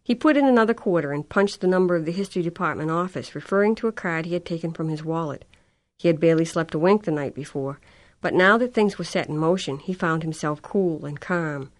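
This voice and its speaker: She reads fiction aloud as an audiobook narrator, her lowish voice keeping a calm, even rhythm. It's scripted storytelling, delivered in a measured way.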